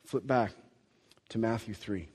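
Husky male pastor in a reverberant hall. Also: fairly low pitch, measured pace. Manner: animated storytelling, swings from quiet to loud. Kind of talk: sermon.

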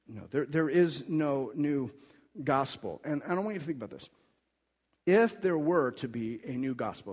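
Guy preaching, kinda high voice, gets loud and emphatic on the scripture bits, echoey church sound. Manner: emphatic, rises and gets louder when quoting scripture; frequent restarts and repeated words. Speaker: pastor. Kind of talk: sermon. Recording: long hall reverb.

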